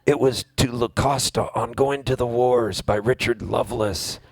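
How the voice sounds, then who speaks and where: A man's voice: mid-range voice, fairly even intonation, moderate pace, no echo, lightly acted. A man voicing a frail old dad with dry wit. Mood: wry. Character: frail dying old father, dry gallows humor.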